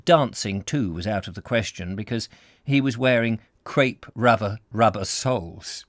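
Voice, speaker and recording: A man's voice: fairly low pitch, measured pace, no room sound. Man reading a novel live, dry close sound. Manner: chatty, self-deprecating asides. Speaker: host and reader. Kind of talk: live audiobook reading with chat.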